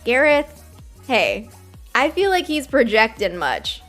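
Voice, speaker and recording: A woman's voice: fairly high pitch, lively intonation, a little slow, fairly bright tone, soft background music. A woman streaming a mobile game live, chatting casually, giggling often and reading game dialogue aloud.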